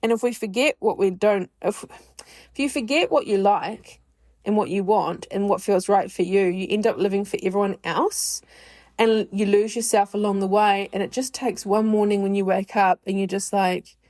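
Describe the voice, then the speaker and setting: A woman's voice: mid-range voice, moderate pace, darkish tone. Candid chatty woman podcast host. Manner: candid, chatty, self-deprecating. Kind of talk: personal reflective monologue.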